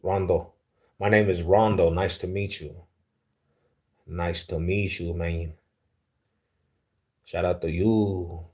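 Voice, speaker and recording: This young Denver, Colorado, man hosts a livestream, reading out viewer comments in relaxed, slangy chat and getting amused easily. He speaks slowly with frequent pauses, in a low-pitched, a little mellow voice with fairly even intonation.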